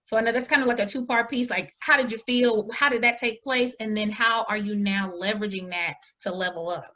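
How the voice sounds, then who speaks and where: Woman interviewer, bright and lively, familiar questioning style. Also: a little high, fairly quick. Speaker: host.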